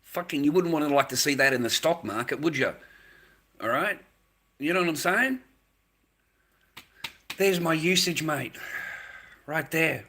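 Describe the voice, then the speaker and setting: A man's voice: fairly high pitch, unhurried, long pauses, pushed and bright. A middle-aged man with an Australian accent, ranting angrily to camera with lots of swearing, stumbling and repeating himself. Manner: angry, profane, repeats himself, stumbles over words. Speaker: vlogger.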